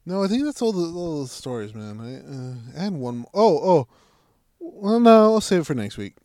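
A man's voice: medium pitch, sing-song, brisk, dark tone, no room sound. A man co-hosting a casual podcast chat, telling rambling, profane joke stories. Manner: rambling, profane, joking storyteller. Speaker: podcast co-host.

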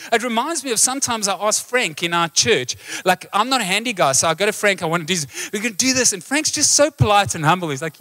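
A man with a high, bright voice preaches a live sermon to his church. He is animated, keeps asking the congregation questions and drawing them in. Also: fast, hardly any pauses. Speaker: pastor. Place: church hall.

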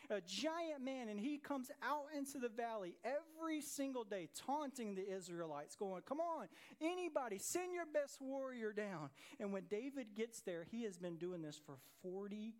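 A man preaching a sermon as pastor, telling a Bible story in an animated way and acting out its characters' voices. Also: extremely high pitch.

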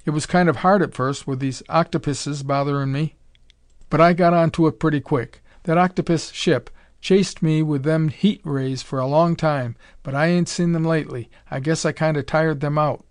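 A man voicing a bewildered, stammering ship's cook who talks in rough, folksy grammar and is proud of himself. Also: high voice, lively intonation, a little slow, a little mellow, no echo, pitched above the performer's own voice.

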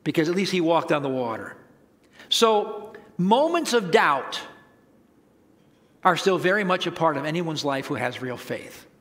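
A middle-aged man preaching a sermon, conversational and humorous, with sudden swings between loud emphasis and quiet asides. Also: on the high side, very animated, unhurried. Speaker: pastor.

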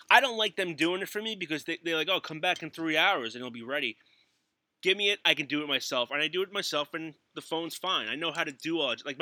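A middle-aged man telling stories in casual chat as a podcast co-host, animated, laughing often and swearing. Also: on the high side.

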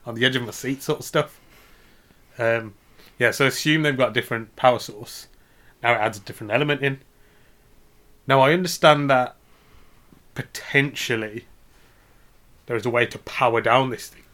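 A man's voice: medium pitch, normal speed, long pauses. A man co-hosting a podcast, chatting casually and laughing often as he jokes. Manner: laughs often, playful, goes loud on jokes. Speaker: podcast co-host. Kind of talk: casual joking chat.

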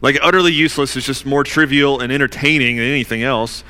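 Man, pastor, conversational sermon, fillers, slows for emphasis, church sanctuary, long reverb. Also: medium pitch, steady tone, bright, forceful tone. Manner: conversational preaching with fillers, dramatic slowed emphasis.

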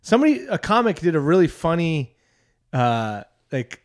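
A young man in casual podcast chat, easygoing and quick to laugh, often halting mid-sentence. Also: a little high, very animated. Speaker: podcast co-host.

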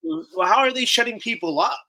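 A man speaking as a guest on a live talk show, halting and repeating himself, a little flustered. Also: high-pitched, lively intonation, pushed and bright, low-quality recording.

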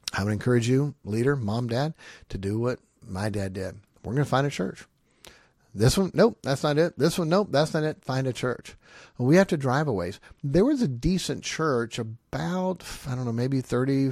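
Pastor man, mid-pitch, emphatic and animated storyteller teaching parents; dry, close sound. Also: vocal fry, husky, no echo. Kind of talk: teaching a parenting lesson with personal stories.

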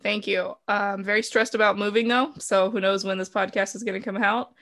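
A woman's voice: mid-range voice, fairly even intonation, fairly quick, a bit bright. Teasing, blunt young woman co-host. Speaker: podcast co-host. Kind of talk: casual chat.

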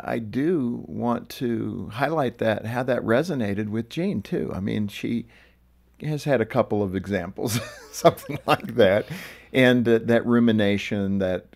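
A middle-aged man hosting a talk show, relaxed and casual, chuckling now and then as he interviews a guest. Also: mid-range voice, unhurried, creaky. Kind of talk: conversational interview.

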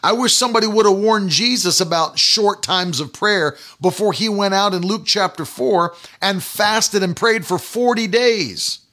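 A man's voice: sits high, measured pace, hardly any pauses, sharp tone. A man preaching a sermon, emphatic and repetitive, driving points home with rhetorical questions. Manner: emphatic, repetitive call-and-response phrasing.

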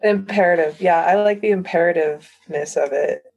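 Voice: medium pitch, normal speed, creaky, darkish tone, lo-fi sound. A participant in a poetry discussion, hesitant, with many restarts and casual fillers.

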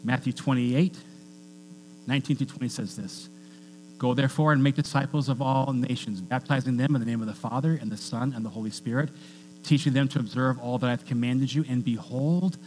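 A man's voice: medium pitch, a little mellow. A male pastor preaching a conversational sermon, reading scripture aloud with joking asides. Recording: long church reverb with faint mains hum.

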